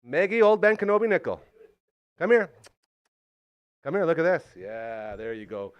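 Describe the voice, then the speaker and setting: A man hosting a live show in a playful, showman-like way, swinging between loud announcing and quiet asides. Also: on the low side, moderate pace. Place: show studio set.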